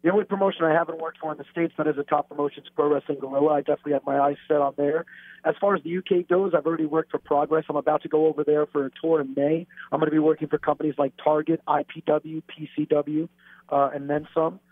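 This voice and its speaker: A brash, arrogant man taunts his interviewer over a tinny, dry phone line. He talks fast, in a somewhat high voice. His manner is that of a wrestling heel. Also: fairly even intonation, no room sound.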